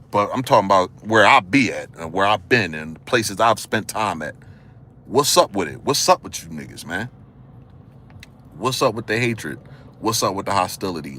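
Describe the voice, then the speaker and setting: A man from the area, giving casual spoken commentary, firing off rhetorical questions in loose slangy talk, his voice swinging from a low murmur to excited high notes. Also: a little hiss or hum. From Philadelphia area. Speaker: vlogger.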